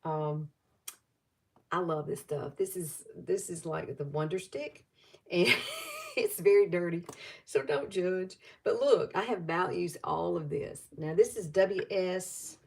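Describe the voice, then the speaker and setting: A woman's voice: lowish voice, sing-song, takes it slowly, creaky, a little mellow. Chatty Southern woman over fifty. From Alabama. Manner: chatty and rambling, greets viewers. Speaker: makeup tutorial host. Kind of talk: casual live makeup tutorial.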